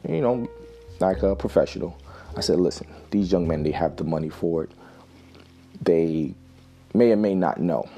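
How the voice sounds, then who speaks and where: Guy in his 30s with a really low voice, thoughtful, kinda stop-start, soft music behind him. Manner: reflective, halting with restarts. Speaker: host. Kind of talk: personal storytelling.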